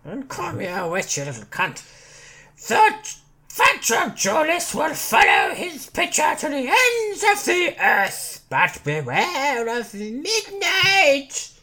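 A woman's voice: high-pitched, wildly swooping pitch, slow, sharp tone, exaggerated voice. A woman voicing a cranky, scornful old witch, delivering theatrical lines for a comedy read-through.

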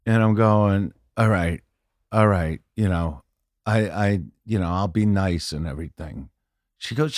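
A man telling stories as a podcast guest, profane and rambling, saying "you know" constantly and often building to loud punchlines. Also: sits low, a little slow, no echo, clean studio sound. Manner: animated, often shouting punchlines. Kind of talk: casual storytelling chat.

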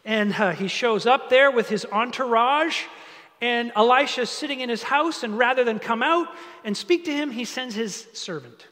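A man's voice: very high-pitched, normal speed, in a large hall. A man preaching a sermon in a conversational, storytelling way. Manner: conversational, animated storytelling with asides. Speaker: pastor.

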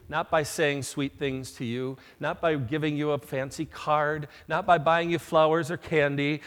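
Slow-preaching man in a reverberant hall. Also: a little high. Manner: slow, emphatic preaching with dramatic rises in loudness. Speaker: pastor. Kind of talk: sermon.

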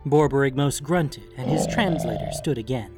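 A male audiobook narrator tells a fantasy story with lively, animated intonation. Soft music runs underneath the reading. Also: medium pitch, normal speed. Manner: expressive storytelling. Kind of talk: scripted narration.

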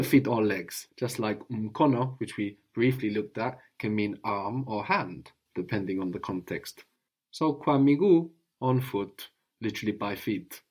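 A man's voice: fairly low pitch, a little mellow, husky. Patient male tutor running a guided lesson, prompts and recaps, frequent "no?" check-ins. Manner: patient, often ends with a questioning "no?". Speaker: language teacher.

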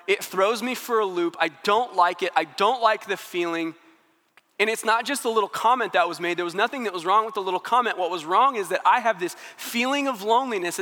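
A high, bright male voice preaching a sermon. He talks earnestly and conversationally and acts out the inner thoughts of his listeners. His voice rings with the long reverb of a hall.

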